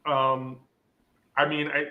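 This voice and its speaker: A man in a casual group chat, candid and blunt, often laughing loudly. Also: mid-range voice, little pitch movement, slow pace, phone-quality sound.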